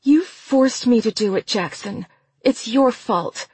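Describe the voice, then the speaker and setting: A scheming young woman with a soft, quivering, higher voice, as a narrator puts her on. She sounds weak and pitiful on purpose, slow and husky, in a dry, close space. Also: dry recording. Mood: accusing. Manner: soft, quivery, feigned weakness.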